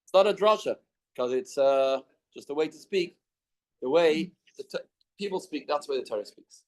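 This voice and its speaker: Man, somewhat high voice, Talmud teacher, reads text then explains, asks questions, study hall. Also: expressive, normal speed.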